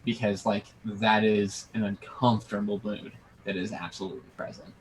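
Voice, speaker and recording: A man narrating a tabletop game as game master, halting with many fillers. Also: lowish voice, little pitch movement, background noise.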